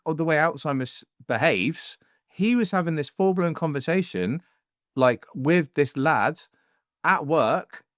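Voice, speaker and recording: With a voice on the high side and no room sound, a man hosts a podcast, recorded close on a studio mic and using headphones. He's from Devon, England, and his casual talk is rambling and jokey, often slipping into voices mid-story.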